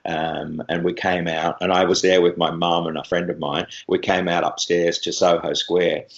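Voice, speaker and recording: A man, a radio presenter telling rambling, animated stories in an interview. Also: low voice, normal speed, highs cut off. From Australia. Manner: rambling, animated storyteller with many restarts. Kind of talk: anecdotal interview chat.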